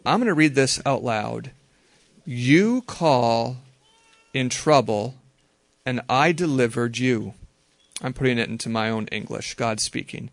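A man teaching a group how to read the Bible, talking in a relaxed, conversational way and slowly repeating verses. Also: mid-range voice, creaky, dry recording. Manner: relaxed, conversational, slow careful repetition.

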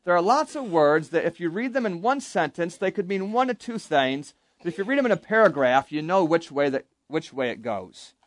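A man's voice: on the high side, animated, brisk, hardly any pauses, no echo. A man giving an interactive Bible lesson to young campers, asking the group questions and leading them in call-and-response. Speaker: camp Bible teacher.

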